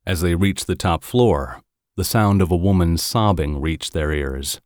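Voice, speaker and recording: Deep slow male audiobook narrator. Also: no echo, clean studio sound. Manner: measured, even storytelling.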